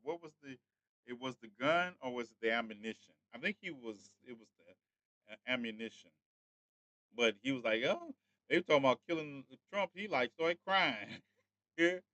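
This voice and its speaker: A man's voice: medium pitch, animated, normal speed, sharp tone, no room sound. A man hosting a casual livestream, chatting straight to his viewers. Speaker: livestream host.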